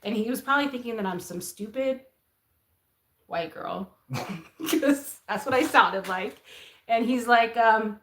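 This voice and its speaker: A woman's voice: fairly high pitch, unhurried, pauses often, slight background noise. A young woman co-hosting a casual chat, telling a story with laughs and acted-out quotes. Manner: animated, acts out quoted voices, laughs often. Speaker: co-host, host's wife. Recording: roomy echo.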